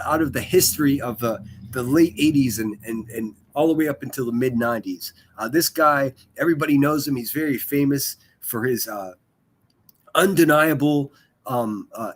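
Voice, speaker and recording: A man's voice: mid-range voice, moderate pace. A man chatting casually on a live stream, rambling and swearing, full of fillers and restarts. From Pittsburgh area.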